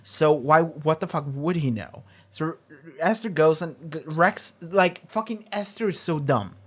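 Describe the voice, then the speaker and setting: A man giving casual, animated reaction commentary from a home streaming setup, swearing often and restarting his sentences as he rambles. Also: a little high, a little slow.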